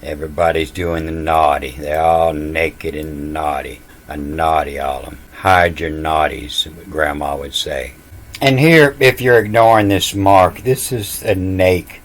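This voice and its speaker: A man with a deep, low voice gives a casual lecture, spelling out letters one at a time. He moves slowly and sounds sure of himself, brushing off other teachers. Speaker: self-taught scripture reader.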